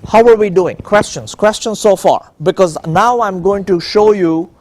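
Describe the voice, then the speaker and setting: A man's voice: sits high, measured pace. A man giving a conference lecture on a handheld microphone, stopping often to ask the audience "okay?". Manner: keeps checking in with the audience, "okay?". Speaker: conference speaker on innovation. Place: conference room.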